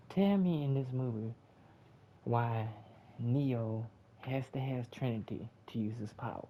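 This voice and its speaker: A man's voice: mid-range voice, warm tone. A man giving a profane, repetitive, exasperated casual movie review rant in a lo-fi home recording. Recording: dull lo-fi with faint hiss.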